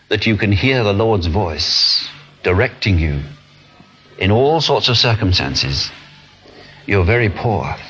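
A man's voice: on the low side, husky. A man preaching a sermon in an earnest way, acting out the small voices people hear in their heads. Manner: earnest, animated, acts out inner voices. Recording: dull lo-fi sound.

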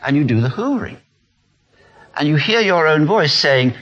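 A male preacher, earnest and animated as he acts out the little voices in people's heads. His husky voice rises and falls widely. The recording is dull and lo-fi. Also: mid-range voice, normal speed. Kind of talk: sermon. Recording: dull lo-fi sound.

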